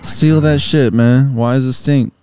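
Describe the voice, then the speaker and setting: A man's voice: medium pitch, steady tone, unhurried, darkish tone, smooth, no room sound. A man co-hosting a casual podcast, slangy and swearing, calling others bro. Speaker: podcast co-host.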